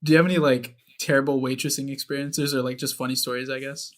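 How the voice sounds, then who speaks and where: A man's voice: mid-range voice, little pitch movement, fast talker, a crowd in the background. A man co-hosting a podcast in casual, joking chat. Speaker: podcast co-host.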